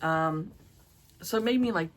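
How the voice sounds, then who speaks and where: This middle-aged woman's voice runs on the low side and a little slow. Reviewing books in a casual chat, she comes across as frank and exasperated, and she swears out of habit.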